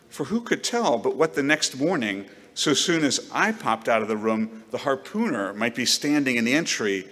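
A man giving an expressive dramatic reading of a novel, recorded in a reverberant hall. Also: mid-range voice. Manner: expressive, acts out the narrator's outbursts. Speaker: reader.

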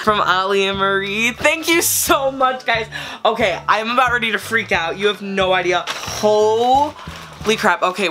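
A woman vlogging an unboxing in an excitable, gushing way, full of exclamations. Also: fairly low pitch. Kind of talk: casual unboxing vlog.

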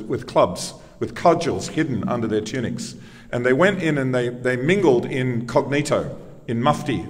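A man's voice: medium pitch, big-room sound. A man preaching a sermon, telling the story conversationally and asking emphatic rhetorical questions. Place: church.

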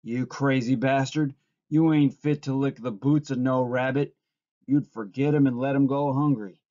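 Man as a mocking storybook rabbit, scornful and taunting, mellow, lo-fi. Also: medium pitch, fairly even intonation, moderate pace, no echo, natural voice. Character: scornful giant imaginary rabbit, male. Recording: dull lo-fi recording.

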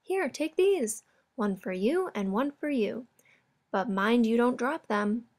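Storybook hen: high, slow, cackling and kind voiced by a woman. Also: lively intonation, darkish tone. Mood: kindly. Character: kindly, motherly old hen.

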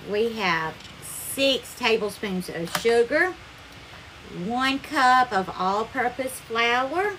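A woman's voice: on the high side, sharp tone, a little hiss or hum. A woman with a Southern accent hosting a live cooking stream, chatting effusively and calling viewers darling as she thanks them by name. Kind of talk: casual live-stream chat and cooking demo.

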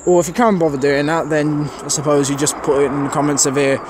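A man's voice: fairly high pitch, steady tone, fast talker, background noise. A man filming trains on an outdoor station platform, giving a rambling, casual commentary full of fillers to his camera mic. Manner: chatty, rambling, thinks aloud with many fillers.

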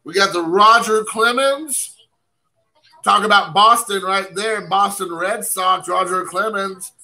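On a casual card-opening stream, a card collecting channel host rambles, pokes fun at himself, and tosses chatty asides to viewers. His voice is high and sharp and he talks slowly, captured on a low-quality recording.

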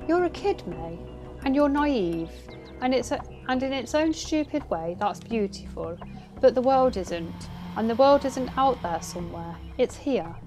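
A woman's voice: fairly high pitch, expressive, a little slow, darkish tone, soft background music, pitched above the performer's own voice. A woman reading as a stern warning cop. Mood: ominous. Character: stern middle-aged female cop, ominous and warning.

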